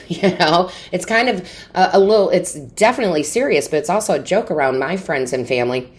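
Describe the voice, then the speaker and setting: Low-voiced woman giving an earnest tarot reading. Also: animated, fairly quick, few pauses, darkish tone. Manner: earnest, encouraging, asks many rhetorical questions. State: tearful, emotionally overwhelmed. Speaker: tarot reader. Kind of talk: intuitive tarot reading to camera.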